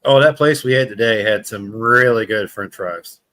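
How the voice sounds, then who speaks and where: A man's voice: lowish voice, moderate pace, pushed and bright. Bantering male talk show host. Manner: joking, bantering. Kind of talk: casual chat.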